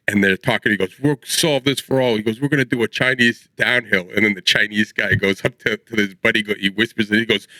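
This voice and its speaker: Bright-voiced rambling podcast co-host, a man. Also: lowish voice, no room sound, rough recording. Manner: rambling storyteller, laughs mid-sentence. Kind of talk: casual chat.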